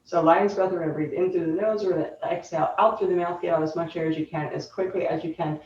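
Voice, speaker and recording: A woman yoga instructor calmly guiding a chair yoga class, cueing breath and movement step by step. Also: lowish voice, quick pace, a little hiss or hum. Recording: roomy, distant, dull sound.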